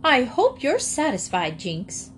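A woman doing a fussy storybook hen, shrill, excitable, squawking high. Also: slow pace, a little hiss or hum, heavily acted. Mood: peevish. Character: fussy excitable female hen, quick to complain.

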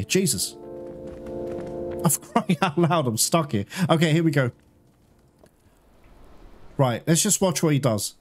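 A man's voice: on the high side, expressive, unhurried, pauses often, soft background music. A man giving casual let's-play commentary, chatting to his viewers, laughing and swearing often. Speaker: gaming streamer.

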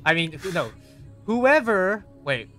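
A man chatting casually on stream, excitable and prone to squeals and giggles. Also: sits high, slow, soft background music. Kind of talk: casual chat.

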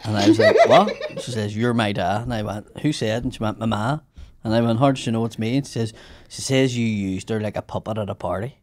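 A man, a comedian telling deadpan, sweary stories in casual podcast banter. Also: on the low side, fairly quick. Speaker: comedian guest.

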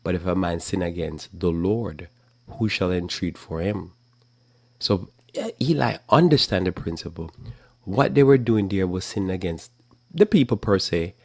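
Middle-aged male Bible teacher, low gravelly voice, loose and conversational, acts out quotes; dry close mic. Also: darkish tone, dry recording. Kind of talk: live talk program sermon.

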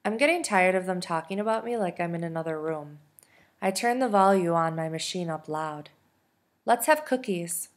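A woman, a teacher, reading a novel aloud in soft, steady storytelling. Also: on the low side, a little fast. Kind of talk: audiobook narration.

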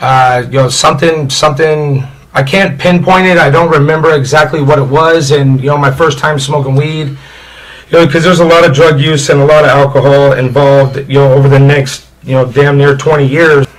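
A man's voice: on the high side, fairly even intonation, moderate pace, poor audio. A man from Indiana telling his life story as an interview guest, rambling and candid, with many "you know" fillers.

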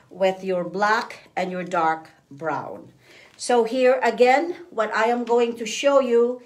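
A woman selling scarves in a live demonstration, walking viewers through each step patiently. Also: a little high. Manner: slow, patient step-by-step instructions. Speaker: seller showing scarves.

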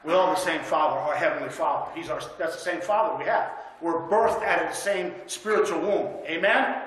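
A man with a high, light voice preaches in a folksy, conversational manner, telling stories and drawing amens from the congregation. His voice rings through a very echoey church room. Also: a little fast, a bit bright, slight background noise. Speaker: guest preacher. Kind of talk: sermon with storytelling. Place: church sanctuary.

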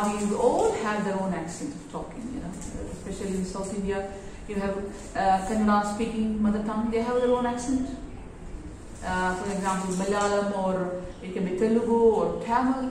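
A woman English teacher giving a lesson in a classroom, halting with many fillers. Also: medium pitch, steady tone, slight background noise. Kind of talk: explanatory lesson. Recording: very echoey room, voice far from mic.

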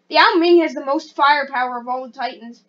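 A woman giving casual, rambling gameplay commentary as a channel host, excitable and self-deprecating. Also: high-pitched, normal speed, dull audio.

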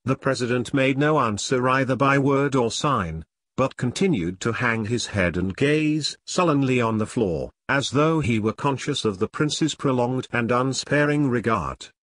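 A man narrating a classic audiobook in a measured, even manner. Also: medium pitch, no echo, studio quality. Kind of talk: scripted narration.

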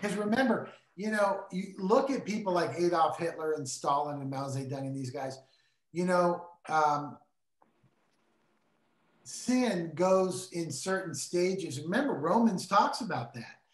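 A man's voice: on the high side, unhurried. A middle-aged man teaching in a casual Bible discussion, earnest and emphatic like a preacher. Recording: roomy echo.

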